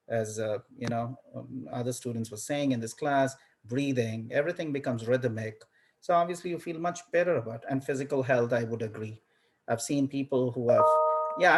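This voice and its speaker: A man teaching a university class in a casual lecture style, telling stories animatedly and acting out his own reactions, often repeating words as he starts a thought. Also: mid-range voice. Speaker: university professor.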